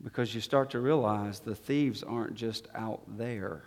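A man preaching a sermon as pastor, swinging between quiet, low-spoken passages and emphatic, raised declarations. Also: unhurried. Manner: dynamic preaching, dropping to soft low tones and rising to emphatic. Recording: long reverb of a hall.

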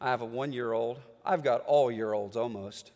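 A middle-aged man preaching a sermon, reading scripture dramatically and swinging between booming passages and hushed ones. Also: moderate pace. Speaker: pastor. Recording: long hall reverb.

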